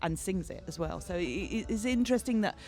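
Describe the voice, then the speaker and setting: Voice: medium pitch, fairly quick, darkish tone, soft background music. Rambling, enthusiastic festival radio host. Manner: enthusiastic, rambling, self-conscious laughs. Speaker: radio interviewer. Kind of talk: casual interview chat. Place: folk festival grounds.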